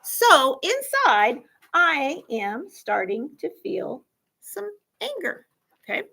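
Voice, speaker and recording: Lively woman teaching fourth graders. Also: high-pitched, slow, vocal fry, low-quality recording. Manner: animated, acts out scenarios, asks the class questions. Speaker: school counselor teaching a class. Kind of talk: classroom lesson to fourth graders.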